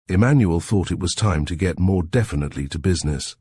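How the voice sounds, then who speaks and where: A man reading a story aloud in measured, even narration. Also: sits low, breathy edge, no room sound, studio quality. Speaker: audiobook reader. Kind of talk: scripted narration.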